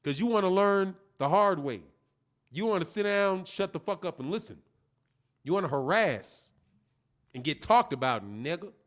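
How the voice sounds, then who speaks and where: A man's voice: high-pitched, lively intonation, moderate pace, a bit bright. A male host of a boxing channel delivering a profane, mocking live-stream rant, taunting a viewer and laughing between jabs.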